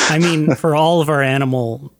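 A man's voice: on the high side, fairly even intonation, moderate pace, no echo. A man hosting a casual interview, asking rambling questions full of fillers. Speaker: podcast host.

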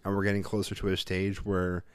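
A man, a father, co-hosting a casual chat, telling animated stories, swearing freely and mimicking voices. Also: low voice, brisk, clear, resonant tone, no room sound. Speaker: podcast co-host, father.

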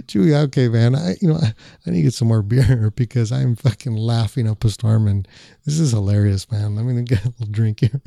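Dark-voiced, laughing podcast host man. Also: mid-range voice, moderate pace, gravelly, dry recording, studio quality. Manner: laughing, easygoing, restarts often. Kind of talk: casual podcast interviewing.

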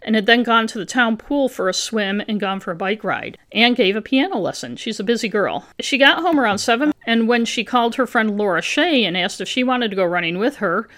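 A woman's voice: on the high side, expressive, a little fast, hardly any pauses, a bit bright. A woman hosting a podcast, reading her own true-crime script with casual asides to her co-host. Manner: reads a researched script with asides.

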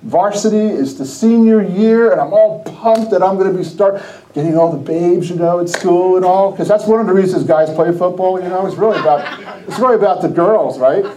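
Animated storytelling man, high and mellow. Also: fairly quick, a little hiss or hum, low-quality recording. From New Jersey. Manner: animated, laughing, acts out quoted dialogue. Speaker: podcast host. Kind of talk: casual storytelling on a Christian podcast.

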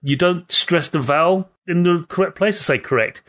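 A man's voice: high-pitched, moderate pace, a bit bright. A man in his forties with a British accent, chatting casually and jokily as a podcast co-host. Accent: British English. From Britain. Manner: chatty, jokey, laughs often. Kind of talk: casual chat.

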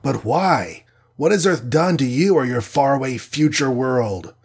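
A man's voice: medium pitch, lively intonation, measured pace, darkish tone, husky. A man voicing a cocky, armored male superhero in a storybook reading, talking brashly and cheerfully. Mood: puzzled.

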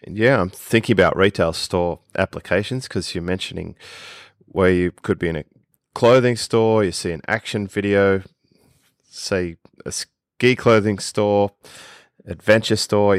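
A man's voice: fairly low pitch, no room sound, studio quality. A man with an Australian accent, a podcast guest explaining things with enthusiasm in casual conversation.

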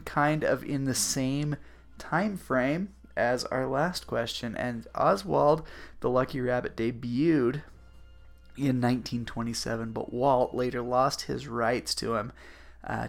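A man's voice: medium pitch, creaky. A man co-hosting a casual podcast, joking and playful as he asks trivia questions. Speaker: podcast co-host. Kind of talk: casual chat.

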